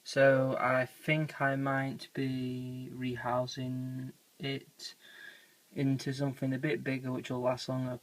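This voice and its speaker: A quiet, laid-back speaker, casually narrating a pet-feeding vlog into a handheld camera at home. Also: medium pitch, rough recording. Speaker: hobby pet keeper filming feedings. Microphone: handheld camera mic.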